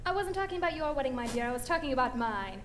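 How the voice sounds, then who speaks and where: A woman's voice: sits high, animated, very fast, fairly bright tone, a little hiss or hum. A woman playing a tipsy, worldly chaperone in a stage musical, with a languid, dry drawl. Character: tipsy worldly female chaperone, drowsy and droll. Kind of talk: musical theater acting.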